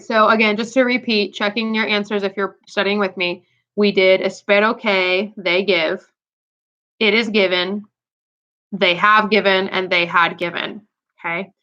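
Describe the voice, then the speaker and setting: Upbeat bright-voiced woman teacher. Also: medium pitch. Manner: upbeat, chatty, direct to students. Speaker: Spanish teacher. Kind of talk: recorded lesson walkthrough. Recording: dull lo-fi sound.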